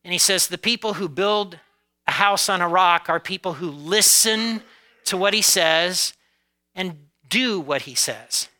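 A male pastor delivers a conversational sermon, stretching some words out slowly for emphasis and rushing through asides. His voice sits high and sounds very bright, smooth and clear. He keeps checking in with the room as he preaches. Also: low-quality recording. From United States. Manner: conversational preaching with frequent "okay?" and "right?" check-ins; occasional laughs, varies pace from drawn-out emphasis to quick asides.

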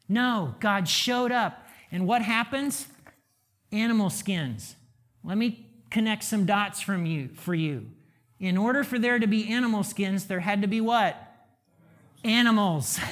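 A middle-aged man, a pastor and father, preaching a conversational sermon full of rhetorical questions. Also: high voice.

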